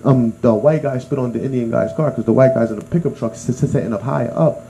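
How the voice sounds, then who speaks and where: A man's voice: medium pitch, quick pace, creaky, background noise. A man co-hosting a casual chat among friends, telling a story and acting out the lines of the people in it. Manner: animated storyteller, acts out quotes. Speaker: podcast co-host.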